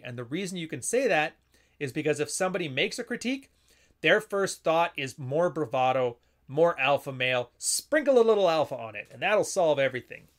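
A man's voice: on the high side, a bit bright. A man giving casual, unscripted commentary, often acting out little dialogues in shifting voices. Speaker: commentator explaining assertiveness techniques.

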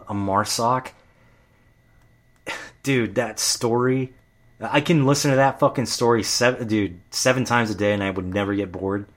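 A man telling stories in a casual, heated monologue, swearing often and getting worked up. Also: on the low side. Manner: profane, heated storytelling.

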